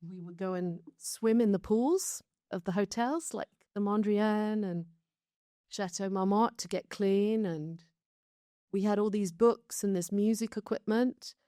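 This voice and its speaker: A woman's voice: medium pitch, a little slow, mellow, dry recording, clean studio sound. A British woman from London, recounting her life story in a candid interview, chatty and reflective with laughs between stories. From London, England. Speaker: show creator being interviewed.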